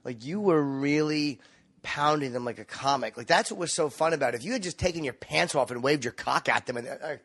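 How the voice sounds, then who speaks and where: A comedian co-host reacts with quick, eager analysis in casual chat. His voice is husky, and he rattles along fast. The recording is dry and close. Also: on the high side, fairly bright tone, dry recording.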